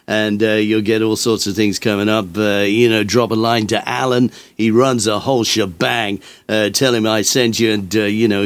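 A man's voice: lowish voice, no room sound. An older man presenting a radio music show, chatting casually with lots of uhs and asides. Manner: rambling, chatty, lots of fillers.

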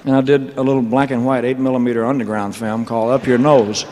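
Male entertainer, mid-pitched, loose and joking monologue, live hall with long reverb and faint hiss. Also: little pitch movement, fast, darkish tone. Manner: loose, joking, drawling, full of "you know" and "man". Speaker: entertainer telling his career story on stage. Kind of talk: rambling onstage storytelling monologue. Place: large live venue with audience laughter.

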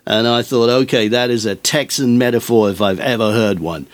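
A man's voice: medium pitch, moderate pace, no room sound. An older man, presenting on the radio and rambling through anecdotes between tracks, chuckling often.

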